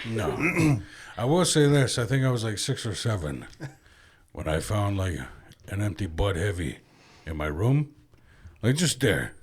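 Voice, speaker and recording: A man's voice: fairly low pitch, sing-song, measured pace, pauses often. A man co-hosting a podcast, joking and telling loose stories in casual banter. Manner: joking, playful storytelling. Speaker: podcast co-host. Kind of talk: casual chat.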